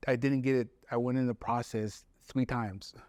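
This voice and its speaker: A man's voice: medium pitch, fairly even intonation, moderate pace, darkish tone, no room sound. A man, a poet and the guest, telling stories from his life in an earnest, reflective way and voicing other people's words as he goes. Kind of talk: reflective storytelling in conversation.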